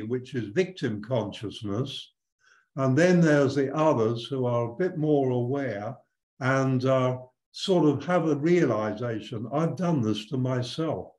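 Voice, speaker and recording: A man's voice: mid-range voice, darkish tone. Older man, reflective, in an echoey room. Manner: reflective, anecdotal, frequent restarts. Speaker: spiritual teacher guest. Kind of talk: conversational interview storytelling.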